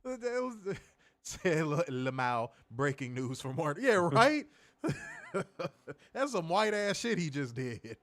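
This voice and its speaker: Speaking at a fairly high pitch and a touch slowly, a man co-hosts a wrestling review show. He reads comments aloud and rants casually with heavy profanity, his manner animated and punctuated by laughter.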